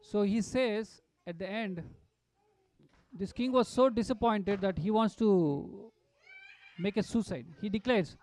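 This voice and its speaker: A man giving a devotional storytelling talk at a satsang, animated and full of fillers and restarts. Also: sits high, a little slow, no echo. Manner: animated, acts out quotes, many fillers and restarts. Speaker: satsang speaker.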